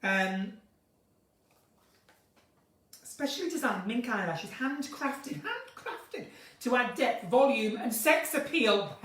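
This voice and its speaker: Woman, live chat host, lively bouncing pitch, giggly, rambling, roomy echo, a bit far from the mic. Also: a little slow. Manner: giggly, chatty, drifts between topics. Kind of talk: chatty unscripted live stream. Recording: echoey room, somewhat far from mic.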